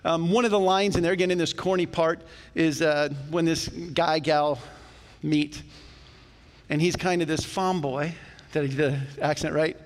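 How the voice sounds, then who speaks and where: Man, pastor, sermon, conversational and animated, slightly high voice, long church-hall reverb. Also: normal speed. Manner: conversational and animated, with jokes aside. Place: church sanctuary.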